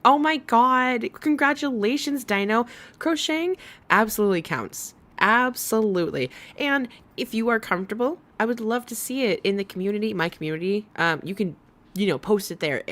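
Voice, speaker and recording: A woman's voice: fairly high pitch, expressive, moderate pace, fairly bright tone. A young adult woman hosting a casual commentary livestream, chatty and profane with laughing asides. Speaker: livestream host.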